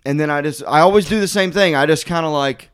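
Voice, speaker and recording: A man hosting a podcast, telling a story in casual chat, animated and swearing, full of "like" fillers as he acts out what people said. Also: fairly high pitch, fast talker, smooth.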